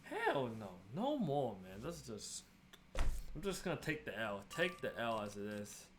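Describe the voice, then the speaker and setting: A man's voice: mid-range voice, wildly swooping pitch, measured pace, noisy background. A young man venting about being swindled while he plays a game, in casual, exasperated commentary. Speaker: gaming streamer.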